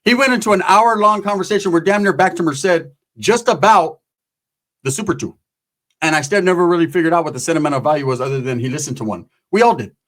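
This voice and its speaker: Male comic storyteller, profane, rambling, slangy, slightly high voice. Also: fast, a bit bright. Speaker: comedic storyteller. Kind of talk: casual comedic storytelling.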